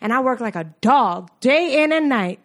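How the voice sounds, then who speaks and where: A woman's voice: high-pitched, lively intonation, normal speed. A woman doing a comic impression of an indignant 1960s Black woman office worker, delivering a defiant speech. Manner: defiant, building to an outburst. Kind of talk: comic film-scene impression.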